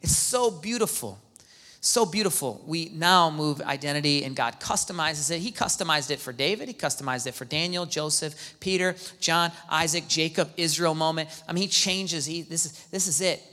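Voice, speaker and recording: A man preaching as a pastor, excitable, swinging from hushed asides to near-shouts and acting out quoted dialogue. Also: fairly high pitch, moderate pace, hardly any pauses. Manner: acts out quoted dialogue in the talk. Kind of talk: sermon. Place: church hall. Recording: long hall reverb.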